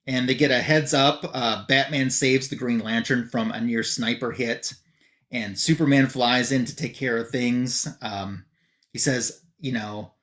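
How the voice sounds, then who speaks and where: A man hosting a live comic book stream, casually walking through a comic plot. He reads the characters' dialogue out loosely in a mid-pitched voice, with frequent fillers and restarts. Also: normal speed, fairly bright tone. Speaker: comic book podcast host.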